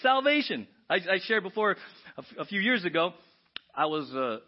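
A man preaching a sermon as pastor, animated and often asking the congregation "right?". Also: high voice, moderate pace. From United States. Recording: dull lo-fi church audio.

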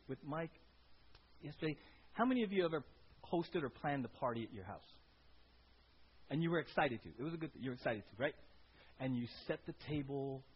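A man gives a conversational sermon in a fairly high, husky voice. He keeps checking in with the congregation through quick questions. The recording is dull and lo-fi. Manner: conversational preaching, frequent "right?" tag questions. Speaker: pastor. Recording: dull lo-fi sound.

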